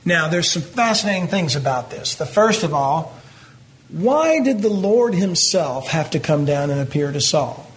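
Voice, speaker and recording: High-voiced preacher, folksy. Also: male voice, expressive, normal speed. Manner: folksy, conversational, talks to the congregation directly. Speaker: pastor. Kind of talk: verse-by-verse Bible teaching.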